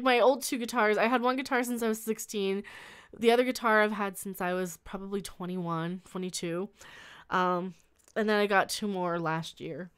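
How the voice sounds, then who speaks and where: A woman's voice: medium pitch, smooth. A young woman hosting a casual livestream from a small room at home, chatting with her chat, rambling, with frequent laughs and restarts. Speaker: livestream host reading chat.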